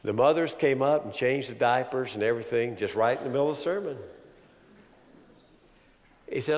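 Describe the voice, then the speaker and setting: Male pastor, sermon delivery, dynamic preaching with loud build-ups and hushed asides, long church reverb. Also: medium pitch, moderate pace, long pauses.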